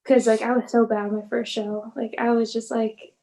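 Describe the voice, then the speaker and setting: A woman pro wrestler in a casual interview, telling stories in an animated way, acting out quotes and laughing often. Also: fairly high pitch, normal speed.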